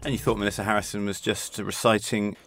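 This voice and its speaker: A man hosting a chat, playful and lively with his guests. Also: fairly low pitch, fast, music in the background. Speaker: host. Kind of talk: casual chat.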